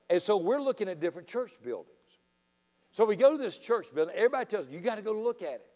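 A middle-aged man from Florida with a Southern accent preaching a folksy, fiery revival sermon, telling stories and swinging between loud outbursts and quiet asides. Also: high-pitched, very animated, quick pace. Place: church sanctuary. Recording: long reverb of a church sanctuary.

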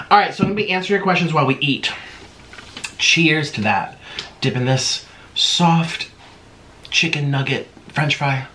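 A man's voice: medium pitch, fairly bright tone, slight background noise. A man chatting casually to viewers while eating, humming with his mouth full between sentences. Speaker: mukbang vlogger.

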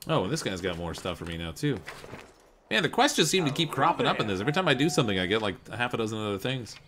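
A man's voice: mid-range voice, sing-song, very fast, background noise. A man hosting a live game stream, chatting casually and joking with his pet cat. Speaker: streamer host. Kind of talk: casual gameplay commentary.

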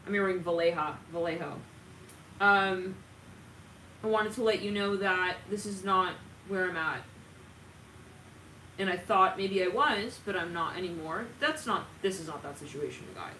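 A tarot reader gives a casual monologue in a mid-range voice at a measured pace, animated, swearing, laughing often and throwing in dramatic asides. The recording is roomy and distant from the mic, with faint ambient noise.

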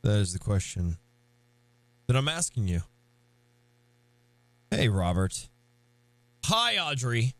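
A young man hosting a live game stream, hyped and playful, shouting greetings to his chat. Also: medium pitch, sing-song, slow, pauses often, no echo.

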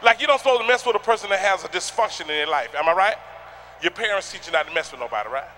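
A man doing a loud, animated stand-up routine on a comedy stage, acting out the voices in his stories. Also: high-pitched, rapid-fire, a little hiss or hum. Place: comedy stage before a live audience.

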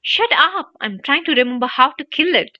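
A woman reading an audiobook, voicing a clever, bossy eleven-year-old girl witch with a shrill know-it-all manner. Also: sing-song, moderate pace, dry recording. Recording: dry, dull lo-fi audio.

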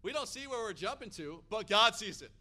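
Bright-voiced, energetic American preacher man. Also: high-pitched, brisk. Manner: energetic, rising to loud emphatic peaks. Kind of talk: sermon.

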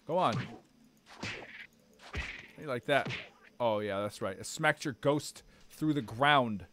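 A young man streaming a game live, swearing and reacting loudly to what happens on screen. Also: medium pitch, lively intonation, takes it slowly, pauses often, noisy background.

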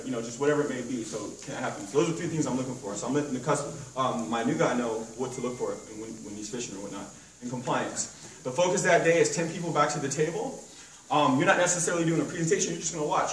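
A man's voice: a little high, fairly bright tone, a little hiss or hum. A man training a sales team at a meeting, casual and rambling, full of fillers and analogies, recorded from far off in an echoey hotel room.

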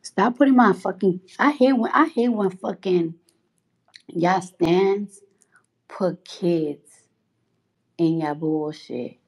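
A woman's voice: lowish voice, takes it slowly, pauses often, slightly rough. A woman with a New York accent talking on a casual livestream, blunt and profane, heated and rambling with many restarts. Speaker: social media livestreamer.

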